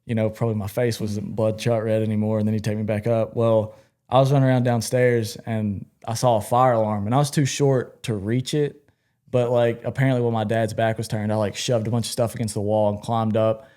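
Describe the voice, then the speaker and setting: Animated man telling a story. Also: lowish voice, brisk. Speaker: podcast co-host. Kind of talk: casual storytelling.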